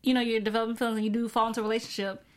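A woman's voice: on the high side, flat delivery, racing. A woman in a casual TV recap chat who laughs often and fills her speech with "like.". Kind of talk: casual chat about a TV episode.

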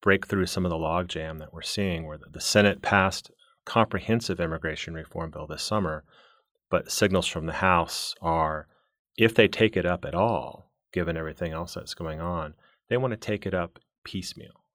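A man with a very deep voice hosts a podcast interview, setting up each question slowly and carefully. The recording is dry and close to the mic. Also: fairly bright tone, no echo. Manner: deliberate, framing long questions.

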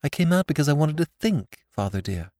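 A man voicing a gentle, frightened young woman in a storybook reading, speaking softly and pleadingly. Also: on the high side, very animated, a little fast, no echo, clean studio sound, pitched above the performer's own voice. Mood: upset.

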